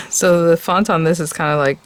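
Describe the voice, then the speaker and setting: A woman's voice: lowish voice, fairly even intonation, moderate pace. A woman hosting a casual step-by-step craft tutorial, chatty and enthusiastic and talking straight to her viewers.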